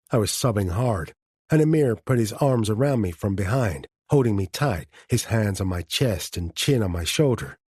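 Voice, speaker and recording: A man reading an audiobook in a measured first-person narration. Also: fairly low pitch, lively intonation, a little mellow, breathy edge, dry recording, studio quality. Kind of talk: scripted narration.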